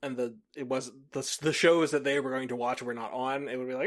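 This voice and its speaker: A man's voice: medium pitch, steady tone, fairly quick, few pauses. A man co-hosting a podcast in casual chat, swearing freely, laughing often and acting out what other people say. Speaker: podcast co-host.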